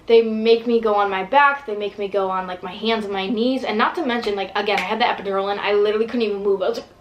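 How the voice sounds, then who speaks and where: A woman's voice: mid-range voice, steady tone, fast talker, dull audio, a little hiss or hum. A young woman vlogger telling a long personal story in casual, rambling talk full of fillers and swearing.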